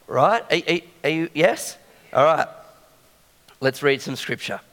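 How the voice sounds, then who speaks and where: A man with a fairly high voice preaches a sermon. He talks conversationally and keeps checking that his listeners are following him. His voice carries a long reverb from a church hall. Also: lively intonation, measured pace, a bit bright.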